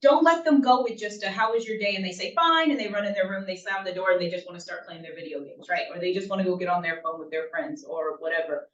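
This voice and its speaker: A woman's voice: on the low side, fast talker, hardly any pauses. Woman speaking far off in an echoey room. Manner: conversational, often checks in with "right?". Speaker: workshop presenter for parents. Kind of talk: informal talk to a parent group. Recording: roomy, distant, dull lo-fi room sound.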